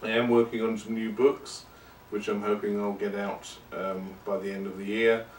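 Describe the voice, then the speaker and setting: A man hosts his podcast in a loose, rambling monologue, poking fun at himself as he goes. His voice sits on the low side. The sound is roomy, as if he is some way off the mic, with a faint hiss behind. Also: little pitch movement, normal speed, recorded from a distance. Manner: rambling and self-deprecating. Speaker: podcast host. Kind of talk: casual monologue.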